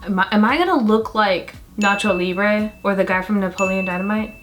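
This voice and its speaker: A young woman vlogging a makeup tutorial in a casual, chatty and self-mocking way, full of quick asides. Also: medium pitch, over music.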